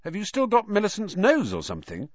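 An excitable teenage boy, played by a man in an audiobook. He talks high and urgent, as if out of breath. The recording is dull and dry. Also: fast talker, no room sound, full character voice.

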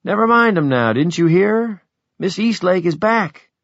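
A man's voice: mid-range voice, moderate pace, no echo, lightly acted. A man voicing a blunt, worldly middle-aged man with a wry, brooding way of talking. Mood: excited. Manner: brooding, wry, then excited. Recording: dull, dry audiobook recording.

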